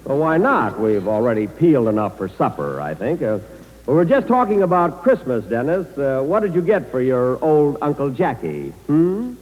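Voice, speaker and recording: A man's voice: medium pitch, sing-song, normal speed. Fussy man hosting a 1940s radio comedy. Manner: hesitant, exasperated, with many "uh"s. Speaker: comedian host. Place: live show before troops in a hall. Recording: old radio broadcast from a hall, muffled, hissy.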